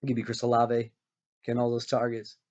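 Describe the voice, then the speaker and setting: A man hosting a fantasy football league show, talking casually with animated, self-correcting energy while getting over being sick. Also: medium pitch, a little fast. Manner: animated, hyped, self-interrupting. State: recovering from illness, coughing. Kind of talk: casual fantasy sports talk. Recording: dull lo-fi sound.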